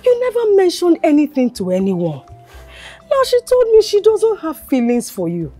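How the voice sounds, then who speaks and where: An actress with a Nigerian accent playing a patient village elder who gently counsels a young man by name. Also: extremely high pitch, huge pitch swings, normal speed, soft background music, full character voice. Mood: coaxing. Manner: coaxing, calls him by name.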